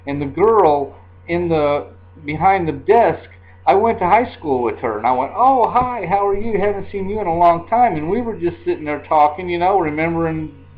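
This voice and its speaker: A man in his sixties telling a personal story in a casual, rambling way, often repeating himself. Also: on the high side. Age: 60s. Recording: dull lo-fi recording.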